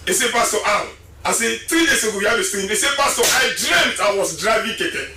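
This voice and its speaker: A man preaching a fiery sermon, shouting and singing his lines and repeating phrases for emphasis. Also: sits high, expressive, brisk, recorded from a distance, music in the background. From Sierra Leone. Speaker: pastor. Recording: roomy, from off mic.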